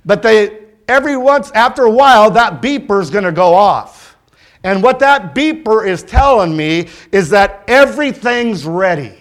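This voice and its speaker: A middle-aged man preaching a sermon, stressing phrases through repetition and slow, weighted delivery. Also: high-pitched, expressive. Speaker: pastor.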